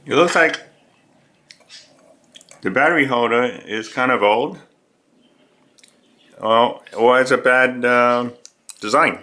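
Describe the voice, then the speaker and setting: Man, very slow delivery, bright tense tone, methodical, home repair talk. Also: mid-range voice. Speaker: dad fixing a toy. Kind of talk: casual explanation. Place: at home indoors.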